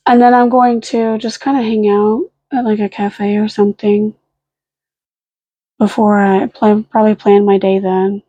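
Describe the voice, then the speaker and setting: A woman's voice: medium pitch, mellow, no echo, highs cut off. A young woman vlogging at home late at night, rambling casually, swearing now and then and cooing at her dogs. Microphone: camera on a fixed stand.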